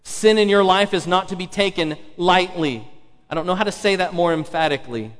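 A man's voice: high voice, a little fast. A male pastor preaching a sermon, emphatic, repeating key phrases and asking the congregation rhetorical questions. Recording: long hall reverb.

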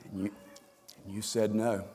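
A man preaching a sermon, swinging from hushed, low lines to loud, emphatic ones. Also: flat delivery, moderate pace, slightly rough. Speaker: pastor. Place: church sanctuary. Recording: long reverb of a church hall.

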